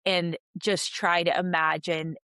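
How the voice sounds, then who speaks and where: A woman's voice: fairly low pitch, little pitch movement, a little slow, sharp tone, clean tone, no room sound. A woman from Russia co-hosting a podcast, talking in a reflective, heartfelt way in long flowing sentences. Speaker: podcast co-host. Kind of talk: casual podcast chat.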